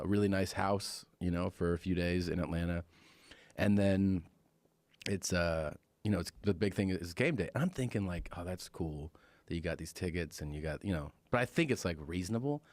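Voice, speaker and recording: Low-voiced guy telling a story on a podcast, dry close mic, does everyone's voices. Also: dry recording. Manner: animated storyteller, acts out quotes in raised voices. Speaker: podcast guest. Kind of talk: casual storytelling chat.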